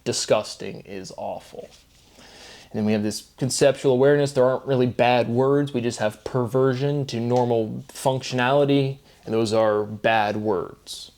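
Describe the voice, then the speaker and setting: A man's voice: medium pitch, steady tone, moderate pace, creaky, darkish tone. A man hosting his own channel, talking alone in a loose, rambling monologue about word logic, full of fillers and self-corrections. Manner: loose, filler-heavy, wordplay-driven musing. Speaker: solo channel host.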